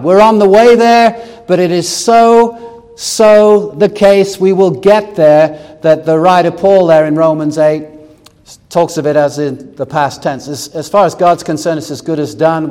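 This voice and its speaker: A man's voice: a little high, a little mellow, big-room sound. A man preaching a sermon, reading scripture aloud and explaining it verse by verse with touches of humor.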